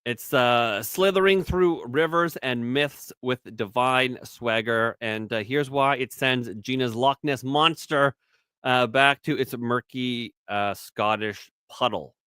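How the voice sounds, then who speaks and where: A man's voice: medium pitch, slow pace, bright, forceful tone, smooth, no room sound, clean studio sound. A man in his thirties co-hosting a podcast in casual banter, rambling and profane, often restarting his words. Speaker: podcast co-host.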